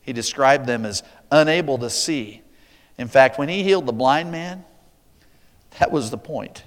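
A man preaching a sermon, verse by verse, with emphatic rises and quiet asides. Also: mid-range voice, a little slow, big-room sound. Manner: emphatic, swings from loud declarations to quiet asides. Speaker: pastor.

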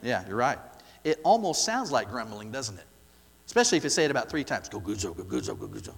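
A man preaching a sermon, asking the congregation rhetorical questions and repeating key words for emphasis, swinging from loud to soft. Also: mid-range voice, sing-song, quick pace, big-room sound. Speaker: pastor.

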